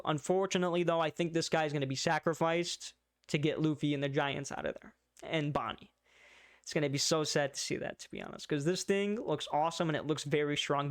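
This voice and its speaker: A man walks through the latest manga chapter in loose, slangy commentary, stumbling over his words and leaning on fillers. His voice sits a little high and comes across smooth and clear. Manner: casual slang, frequent fillers and stutters. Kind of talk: casual chapter-recap commentary.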